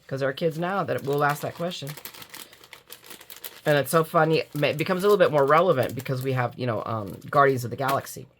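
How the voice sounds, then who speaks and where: A woman's voice: a bass voice, a little fast, slight background noise. A middle-aged American woman chatting casually while unboxing crafts, gushing and drowsy from allergy medicine. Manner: chatty, gushing, self-mocking, yawning. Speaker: crafting YouTuber.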